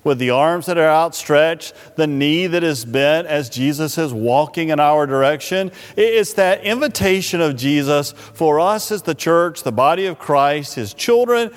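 Earnest preacher in a reverberant church. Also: male voice, a little high, lively intonation. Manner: earnest, unhurried preaching that drops soft and slow when voicing invitations. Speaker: pastor. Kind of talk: sermon. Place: church sanctuary. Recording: long reverb of a church hall.

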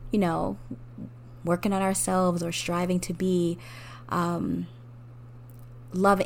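A woman hosting a podcast, talking earnestly and openly to her listeners about hard times, often with a soft laugh and rising emphasis. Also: medium pitch. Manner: speaks directly to the listener. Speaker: podcast host. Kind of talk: personal reflective monologue.

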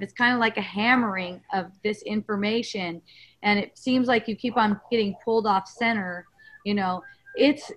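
A woman hosting a spiritual coaching webinar, talking gently and reassuringly in a rambling way over a video call. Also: on the high side, low-quality recording. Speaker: host.

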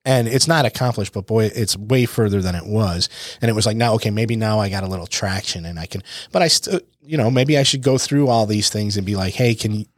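A man's voice: on the low side, a little fast, hardly any pauses, dry recording, studio quality. A man co-hosting a podcast, talking in a casual, reflective way and repeating points for emphasis. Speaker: podcast co-host. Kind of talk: casual chat.

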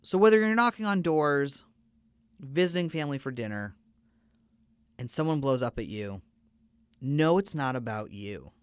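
A man's voice: medium pitch, lively intonation, normal speed, pauses often, clear, resonant tone, dry recording. Earnest man hosting a storytelling podcast. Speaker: podcast host.

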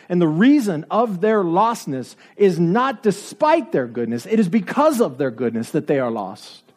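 A man's voice: high voice, big pitch swings, measured pace, few pauses, darkish tone. A man preaching a sermon, driving his points home with repeated rhetorical questions and building to emphatic peaks.

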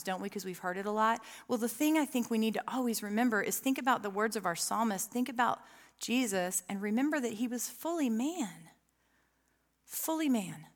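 A woman preaching a sermon to a room, reading scripture slowly and talking earnestly and conversationally, often asking the listeners questions. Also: fairly high pitch, big-room sound. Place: church room with an audience.

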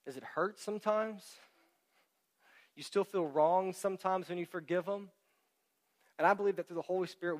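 A man preaching a sermon in a church, speaking into a microphone. He explains things in an animated way and keeps asking the congregation rhetorical questions. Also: fairly high pitch. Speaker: pastor. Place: church hall with sound system. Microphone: handheld or stand microphone.

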